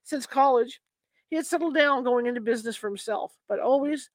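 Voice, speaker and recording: A woman's voice: high-pitched, fairly quick, no echo. A woman reading a book aloud in a casual, unpolished way, sometimes correcting herself. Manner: informal, stops to correct herself and apologize mid-reading. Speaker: reader.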